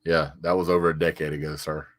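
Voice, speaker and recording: Deep-voiced man answering chat, stammering. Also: flat delivery, fast talker, no room sound, clean studio sound. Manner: stammers and repeats words; reads viewer comments aloud and answers them. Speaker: sports vlogger reading live chat. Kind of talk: casual live-stream banter.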